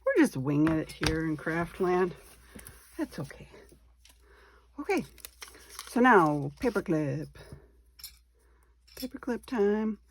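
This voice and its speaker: A woman with a low voice walks through a craft project at an unhurried pace. She chats as she works and thinks aloud. She is relaxed about her own slip-ups. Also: slight background noise. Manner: chatty, thinking aloud while working, self-deprecating. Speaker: craft tutorial host. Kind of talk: casual step-by-step craft demonstration.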